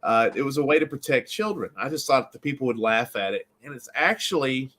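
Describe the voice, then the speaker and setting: A man from Baltimore, a filmmaker and actor, telling a story in a rambling, animated way with many restarts in a casual interview. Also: medium pitch, fairly quick.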